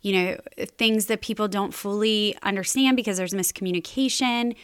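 A woman's voice: medium pitch, normal speed, clean tone, dry recording, clean studio sound. A woman hosting a podcast, giving earnest, faith-based parenting advice in a conversational way with small laughs. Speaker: podcast host and mother.

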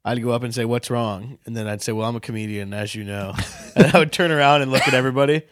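A man's voice: medium pitch, quick pace. A young man co-hosting a comedy podcast, rambling through jokey stories. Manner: rambling, jokey, trails off into bits. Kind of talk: casual comedy podcast banter.

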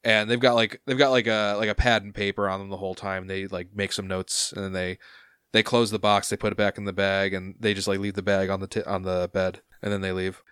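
A man's voice: deep voice, little pitch movement, fairly quick, a bit bright, smooth, no echo, clean studio sound. A man narrating a tabletop game as game master, rambling with lots of fillers.

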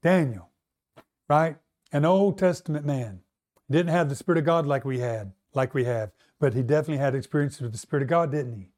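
A man's voice: on the high side, brisk, a little mellow. A man preaching a sermon, emphatic and often asking the congregation questions. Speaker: pastor.

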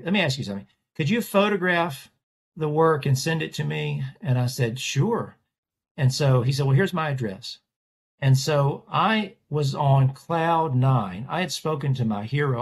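A man's voice: medium pitch, husky. A man, a portrait artist, telling a story in an interview and acting out the voices of the people in it. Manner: animated storyteller, acts out quoted voices.

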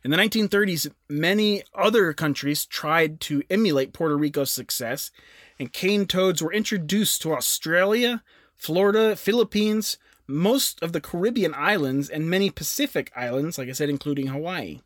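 A man's voice: a little high, normal speed, fairly bright tone, no echo, studio quality. A young adult man co-hosting a podcast in casual chat, presenting facts with jokey asides. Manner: chatty, jokey, with self-aware asides. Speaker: podcast co-host.

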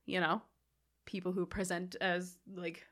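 A woman's voice: lowish voice, unhurried. A young adult woman co-hosting a podcast, chatting casually about a film, talkative and laughing often. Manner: chatty, animated, full of "like" and laughter. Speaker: podcast co-host. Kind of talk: casual film-review chat.

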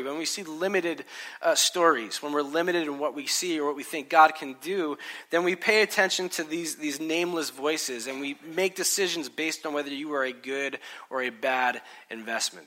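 Bright-voiced man in his thirties preaching. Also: a little high, moderate pace. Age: 30s. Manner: conversational, storytelling with acted-out quotes. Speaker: pastor. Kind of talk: sermon. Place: church hall with congregation.

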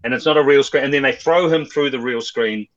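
A man's voice: medium pitch, a little fast, fairly bright tone, lo-fi sound. A man on a film podcast, rambling enthusiastically in casual discussion.

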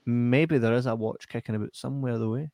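A man's voice: medium pitch, fairly even intonation, fast, dark tone, no room sound. A man with a Scottish accent hosting a casual live stream, reading out chat messages with lots of laughter and banter. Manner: banters, laughs often, swears.

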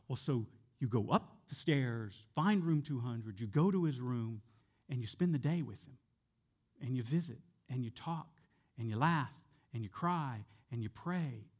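A male pastor preaching a sermon in a conversational way, sometimes dropping soft and slow for emphasis. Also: mid-range voice, expressive. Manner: conversational with fillers and repeated words.

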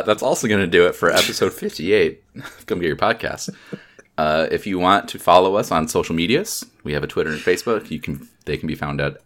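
Male podcast host, booming-low register, easygoing and meandering. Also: a bit bright. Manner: laid-back, rambling sign-off with fillers. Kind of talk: casual podcast chat.

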